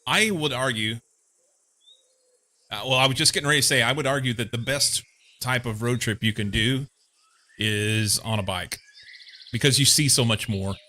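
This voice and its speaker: A man's voice: mid-range voice, moderate pace, long pauses, bright, forceful tone. A young man from Missouri streaming a game, chatting casually and rambling with lots of fillers. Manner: rambling, meandering, many fillers. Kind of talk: casual chat while playing a game.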